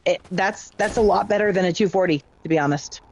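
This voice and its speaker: Middle-aged woman, low register, chatty storyteller mid-game, faint background hiss. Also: a little fast. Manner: chatty storytelling, lively retelling of exchanges. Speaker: parent and gamer. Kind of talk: casual chat while gaming.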